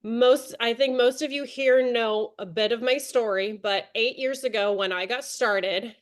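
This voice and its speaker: A woman in her thirties runs a video-call training session, chatty and encouraging as she calls on her team by name. Her voice sits a little on the high side. She talks in a friendly coaching tone. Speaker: direct sales team leader.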